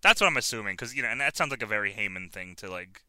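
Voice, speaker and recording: A man's voice: on the low side, animated, very fast, crowd noise. A man co-hosting a podcast, telling a story in casual chat, laughing often and swearing. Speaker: podcast co-host.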